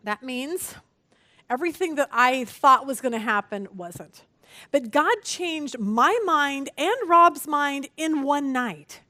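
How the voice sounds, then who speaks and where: A woman's voice: slow pace, dry recording. A middle-aged woman teaching a women's Bible study, telling stories animatedly with a self-mocking humor and acting out what people said. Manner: animated storytelling, acts out quotes with big pitch jumps; self-deprecating humor, frequent "okay?".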